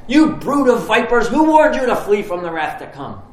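A man voicing a fiery male prophet, booming like a Southern US preacher. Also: very animated, normal speed, darkish tone, roomy sound. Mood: thundering. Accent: Southern US preacher style.

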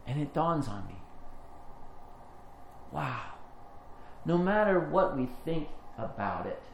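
A man preaching a sermon, telling a personal story in an earnest way, rising when he retells the moment and going low and soft as he reflects. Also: sing-song, slow, gravelly. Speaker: pastor. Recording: echoey room with faint ambient noise.

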